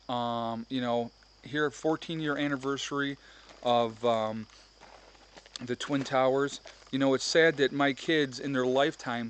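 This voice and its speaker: A man's voice: medium pitch, slight background noise. A middle-aged man ranting heatedly to his viewers in a vlog, repeating himself and talking to them directly. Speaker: vlogger. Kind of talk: ranting to camera.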